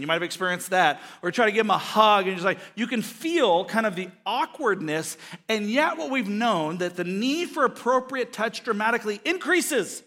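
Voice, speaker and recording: Middle aged pastor guy, high bright voice, jokey storyteller, echoey church hall. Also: animated, normal speed, few pauses. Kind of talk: sermon.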